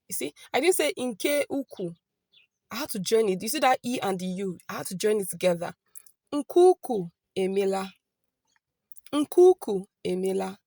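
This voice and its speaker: Woman, friendly online tutor, checks in often, repeats phrases slowly; dry close mic. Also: medium pitch, a little mellow, dry recording. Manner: chatty, keeps checking in with "okay?"; slows down and repeats phrases carefully. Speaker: language teacher. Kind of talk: casual online language lesson.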